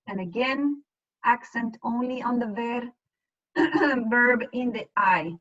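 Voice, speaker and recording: A woman's voice: on the high side, takes it slowly, a bit bright, lo-fi sound. A woman teaching a Spanish class over a video call, explaining patiently and step by step. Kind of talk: online class lesson.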